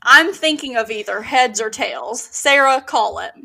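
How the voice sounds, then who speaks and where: A woman co-hosting a casual podcast, running a guessing game and reading the clues deliberately. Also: fairly high pitch, lively intonation, creaky, bright, forceful tone. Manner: reads quiz clues deliberately, laughs between. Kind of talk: casual chat.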